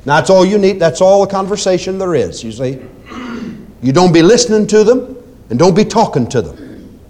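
A male preacher with a somewhat high voice delivers an emphatic sermon. He swings between loud, forceful commands and quieter asides, repeating his phrases for emphasis. He speaks directly to his congregation. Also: animated, normal speed. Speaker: preacher teaching deliverance ministry.

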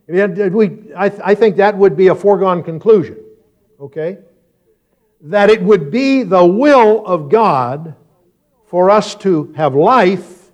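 A man preaching a sermon, moving from quiet, reflective explanation to loud, emphatic scripture reading and questions to his congregation. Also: high voice. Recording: dull lo-fi sound.

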